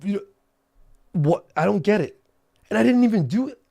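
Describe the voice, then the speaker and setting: This streamer's voice is high, expressive, gravelly, and dark, moving at a moderate pace. He's agitated and swearing through an angry livestream rant, circling back to the same points again and again.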